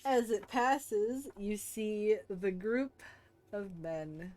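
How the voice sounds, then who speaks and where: A woman narrating as game master of a tabletop game, in a relaxed, halting way with many fillers. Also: mid-range voice.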